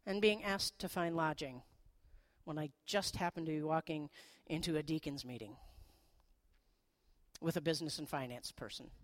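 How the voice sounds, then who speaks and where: A middle-aged woman pastor giving a sermon in a conversational, animated way, with playful asides. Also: deep voice, normal speed.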